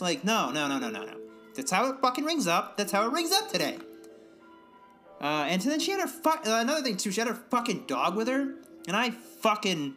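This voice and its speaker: A young man in casual profane chat, ranting and mimicking other people in high voices. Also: pushed and bright.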